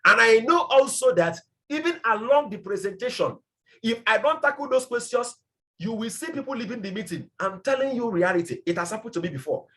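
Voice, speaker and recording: Male business mentor from Nigeria, high-pitched, emphatic and repetitive, motivational training delivery. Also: lively intonation, a little fast, a bit bright. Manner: passionate, emphatic, repeats phrases.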